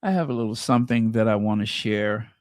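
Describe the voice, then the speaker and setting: A man's voice: fairly low pitch, fairly quick, dry recording, studio quality. A man hosting a gossip channel, chatting casually and muttering to himself as he searches for something and stumbles over words. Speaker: royal gossip channel host. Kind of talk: casual chat.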